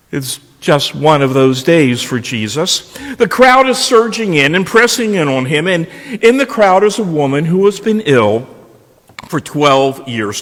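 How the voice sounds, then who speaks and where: High, lively preacher in a reverberant hall. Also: male voice. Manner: storytelling with rhetorical questions. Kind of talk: sermon. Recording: long reverb of a large hall.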